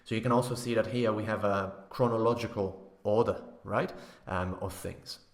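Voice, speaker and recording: A man's voice: on the low side, fairly even intonation, normal speed. A man teaching academic writing in a recorded online course lecture, explaining step by step and often checking in with tag questions and fillers.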